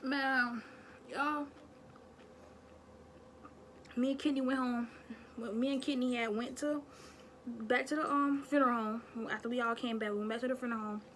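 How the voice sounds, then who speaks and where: Young woman, storytime vlog, chatty, animated, slightly high voice, faint hiss. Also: brisk. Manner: chatty, animated, addresses viewers as y'all. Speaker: vlogger. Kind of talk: casual storytime.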